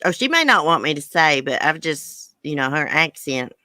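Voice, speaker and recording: A woman's voice: low-pitched, very animated, moderate pace, bright, forceful tone, no echo. An older woman with a thick Southern country accent, chatting casually on a livestream and reading viewer comments aloud. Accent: American Southern. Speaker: livestream host.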